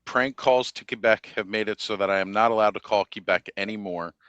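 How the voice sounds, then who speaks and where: A man's voice: on the low side, fairly quick, fairly bright tone, smooth, dry recording, lo-fi sound. A man hosting a live stream, telling a story in casual chat and laughing at his own jokes.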